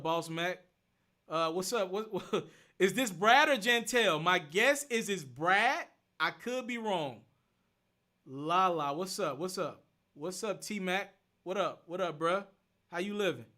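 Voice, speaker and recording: A young man hosting a casual phone livestream, rattling off rapid shout-outs to viewers and answering their questions. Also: a little high. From Memphis. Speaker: livestream host.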